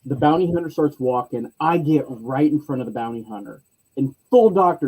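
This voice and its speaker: A man telling a convention story in casual chat, lively, acting out other people's lines in varied voices. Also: on the high side, moderate pace, poor audio.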